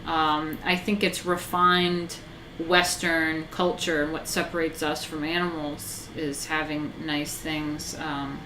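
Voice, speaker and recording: Low-voiced woman rambling on a stream. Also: flat delivery, takes it slowly, noisy background. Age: 30s. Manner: rambling, swears, reads chat aloud. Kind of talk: casual live stream chat.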